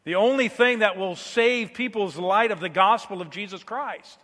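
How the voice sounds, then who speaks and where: A man preaching a sermon, moving between quiet, low passages and loud, emphatic declarations. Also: normal speed, in a large hall.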